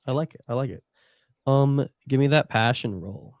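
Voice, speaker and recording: A man's voice: mid-range voice, moderate pace, darkish tone, no room sound, studio quality. A man running a tabletop role-playing game as game master, narrating in a loose, chatty way.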